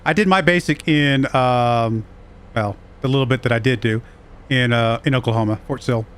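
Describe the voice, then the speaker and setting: Here a livestream gamer with a slight Southern US accent talks through a farming game at normal speed. His medium-pitched voice is smooth, and his casual commentary is chatty and rambling, broken up by frequent chuckles.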